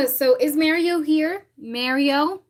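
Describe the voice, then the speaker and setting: A woman's voice: high voice, slow pace, low-quality recording. Chatty woman reading tarot live. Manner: chatty, addresses viewers by name, frequent throat-clearing. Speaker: tarot reader hosting a live stream.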